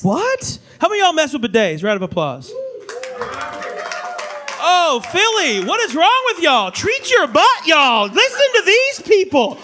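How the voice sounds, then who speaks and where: A man in his thirties doing a stand-up comedy set on a club stage, animated and slipping into mock voices. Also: very high-pitched, unhurried, some chatter behind. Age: 30s. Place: comedy club stage before a live audience. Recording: live club audience faintly heard. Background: audience laughter.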